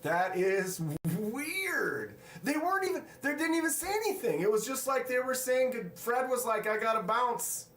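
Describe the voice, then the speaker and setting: A man's voice: extremely high pitch, very animated, moderate pace, hardly any pauses, a bit bright. A man hosting a casual livestream, reading viewer comments aloud and greeting people in the chat. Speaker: livestream host. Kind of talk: casual live-stream chat. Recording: roomy, echoey room sound.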